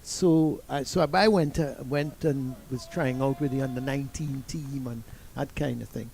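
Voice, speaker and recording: A man's voice: medium pitch, fairly even intonation, moderate pace, a little mellow, slight background noise. An older man with a Trinidadian accent, commentating cricket and telling long rambling stories with restarts. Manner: rambling anecdotes with many restarts.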